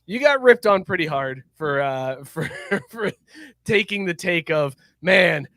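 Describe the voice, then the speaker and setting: Male host for casual sports podcast chat, slightly high voice, dry close recording, quick to laugh. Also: expressive, a bit bright, no room sound. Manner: laughs often, eager storyteller.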